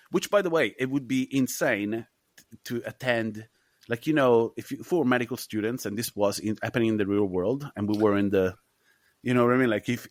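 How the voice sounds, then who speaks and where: A man's voice: medium pitch, dry recording. A man co-hosting a film podcast, talking animatedly with lots of swearing and laughter. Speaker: podcast co-host. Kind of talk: casual film chat.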